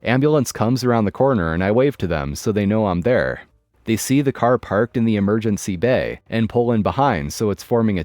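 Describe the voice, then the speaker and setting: A man narrates a first-person story in a wry, matter-of-fact way. His voice is low and recorded close and dry. Faint background music runs under his reading. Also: a little mellow, no room sound.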